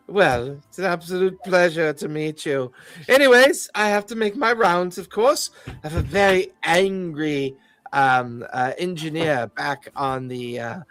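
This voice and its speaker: Sir Thorned Shade, a vain and condescending fae security chief, as a man puts him on. His voice is on the higher side and swings up and down as he preens. It sounds close and dry. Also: a bit bright, dry recording. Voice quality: pompous, condescending, says "dear boy".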